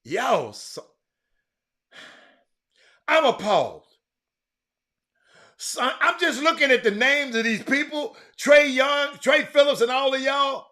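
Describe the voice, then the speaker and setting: Middle-aged man, sports talk host, high voice, animated and teasing. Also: unhurried. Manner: animated, teasing, breaks into loud exclamations. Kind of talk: casual live-stream chat reading the comments.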